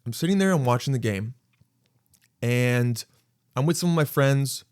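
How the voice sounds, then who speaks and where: A man from Los Angeles hosts his own podcast and tells a story in a relaxed monologue. He acts out what other people said, jumping sharply higher for those lines. The recording is dry and close. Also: moderate pace, clean tone, no echo. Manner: animated, acts out quotes with sudden high jumps. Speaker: podcast host.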